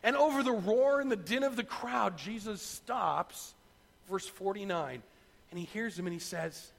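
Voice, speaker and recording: A middle-aged man preaching a sermon, retelling a story in an animated way and acting out the voices. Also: sits high, unhurried, vocal fry, long reverb tail. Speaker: pastor.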